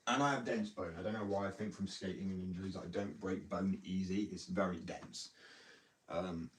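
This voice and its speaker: A man's voice: deep voice, steady tone, normal speed. A young man rambling heatedly in a casual monologue, with lots of restarts and swearing. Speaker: skater vlogger. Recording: distant mic with faint background noise.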